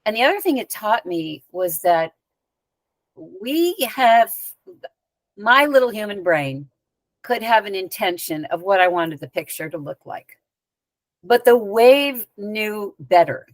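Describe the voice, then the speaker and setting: Woman guest recounting an anecdote, chatty and lively, recorded dry and close. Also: medium pitch, unhurried, no echo. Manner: lively anecdotal telling with conversational asides. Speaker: spiritual teacher and guest. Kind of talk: storytelling in a podcast interview.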